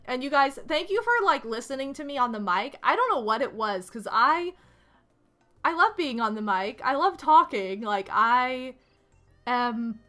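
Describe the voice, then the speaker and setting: A young woman streaming to her chat, talking in an excitable, gushing rush full of fillers and restarts. Her voice sits a bit high and sounds bright and forward.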